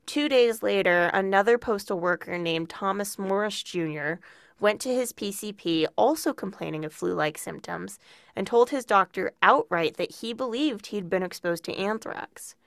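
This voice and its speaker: A woman's voice: medium pitch, normal speed, creaky, no echo, clean studio sound. A woman co-hosting a podcast, reading prepared true crime narration with casual asides. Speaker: podcast co-host.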